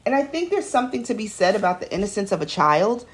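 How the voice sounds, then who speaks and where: A woman's voice: medium pitch, big pitch swings, fast talker. A woman from New York City hosting a podcast, talking in a casual solo monologue, chatty and full of digressions, recorded in a home studio. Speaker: podcast host.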